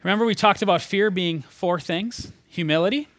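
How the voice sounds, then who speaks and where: A man with a voice that sits high preaches a sermon at a moderate pace, retelling a scripture story in a conversational, animated way and sometimes dropping almost to a whisper. The recording is dry.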